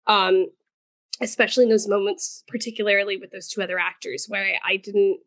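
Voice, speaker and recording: A woman with a middle-pitched voice critiques a play's performances on a podcast. She hedges and circles around her point in casual talk. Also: fairly even intonation, brisk, a bit bright. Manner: hesitant, hedging. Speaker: theatre reviewer. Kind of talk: casual podcast review chat.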